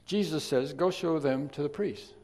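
A man preaching a sermon, chatty in his asides and then emphatic and loud on key points. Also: fairly high pitch, normal speed. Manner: conversational, swings from quiet asides to emphatic loud stresses. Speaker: pastor. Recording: long reverb of a large hall.

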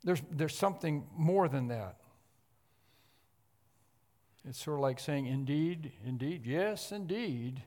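A man preaching an expository sermon, emphatic and repetitive, often clearing his throat. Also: fairly high pitch, animated, takes it slowly, pauses often, warm tone. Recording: long hall reverb.

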